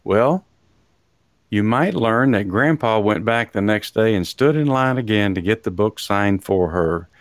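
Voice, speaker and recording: A man's voice: fairly low pitch, lively intonation, unhurried, dry recording. A man with a Texan accent hosting a casual talk show, rambling with many fillers and frequent chuckles. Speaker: host. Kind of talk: casual podcast chat.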